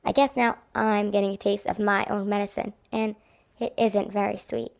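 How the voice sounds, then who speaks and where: A woman voicing a hurt, shy young girl who is new at school, in a children's audio drama, speaking softly and hesitantly. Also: mid-range voice, flat delivery, moderate pace, vocal fry, close to an everyday voice. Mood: confiding. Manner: soft, hesitant, confiding.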